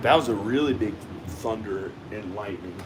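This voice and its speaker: A man's voice: on the low side, normal speed. Rambling man over an air-conditioner hum. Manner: rambling, repeats himself, talks to the viewer. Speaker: vlogger. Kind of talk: casual rambling monologue to camera. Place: at home indoors.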